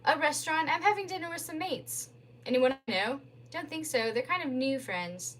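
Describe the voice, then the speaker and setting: Bitter, blunt young woman on the phone, read by a woman with a high voice, cutting and scornful. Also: lively intonation, normal speed, fairly bright tone, a little hiss or hum. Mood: cool.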